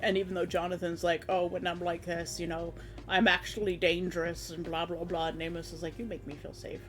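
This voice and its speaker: Streamer rambling thru a tabletop game recap, mid pitch, faint music underneath. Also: a little fast. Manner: rambling, animated storytelling that slips into quoted character voices.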